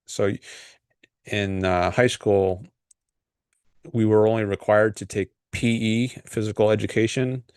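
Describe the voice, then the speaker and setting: A man hosts his own livestream, talking in a loose, meandering way and reading viewer comments aloud. His voice sits on the low side and sounds dry and close, with no room around it. He hesitates often, filling gaps with "um" and restarting his sentences. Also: a little mellow, dry recording. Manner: rambling and hesitant, frequent fillers and restarts. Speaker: livestream host.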